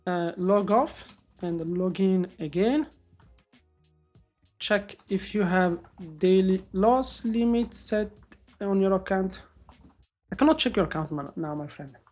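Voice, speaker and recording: Excitable woman streaming live trades. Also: medium pitch, slow pace, pauses often, highs cut off, soft background music. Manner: excitable, swearing, chatting to viewers. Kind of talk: live-stream trading commentary.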